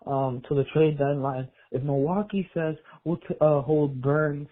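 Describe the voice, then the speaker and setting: A man's voice: fairly high pitch, fairly even intonation, a little slow. A man from New Jersey calling in to a fan show, rambling and thinking aloud. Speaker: caller. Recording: tinny phone line.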